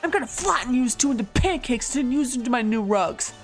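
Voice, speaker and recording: A woman voicing a loud, brash gangster man in a tiger suit, threatening and bullying, reading game text aloud. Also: on the high side, animated, normal speed, faint music behind, lightly acted. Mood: furious. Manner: bullying, threatening, broken grammar.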